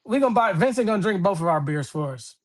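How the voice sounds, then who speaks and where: A man's voice: high voice, animated, fast. A man with a Milwaukee accent co-hosting a casual sports show, slangy, jokey and laid-back. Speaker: podcast co-host.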